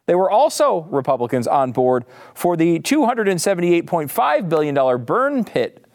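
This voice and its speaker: A man's voice: fairly high pitch, big pitch swings, normal speed, a little mellow. A man hosting a political talk podcast, delivering sarcastic commentary with frequent asides. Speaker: podcast host.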